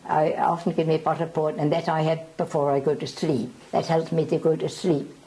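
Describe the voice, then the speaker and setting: A woman over a hundred years old, from South Africa, giving an oral history interview, speaking haltingly and often repeating herself. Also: low voice, level tone, warm tone, low-quality recording. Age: over 100.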